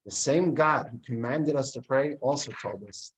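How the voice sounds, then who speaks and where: A man, likely a rabbi, giving a sermon and telling a story, acting out the characters' dialogue with lively expression. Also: medium pitch, normal speed, poor audio. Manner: animated storyteller who acts out the dialogue.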